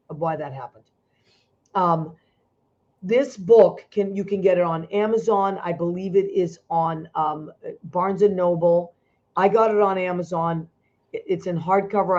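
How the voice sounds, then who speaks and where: A woman's voice: mid-range voice, darkish tone. An effusive, emotional woman hosts a chat show over a video call. She talks in gushing bursts and keeps restarting her sentences. Her voice sits in a middle register, and the audio is dull and lo-fi. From Italian-American. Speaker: host.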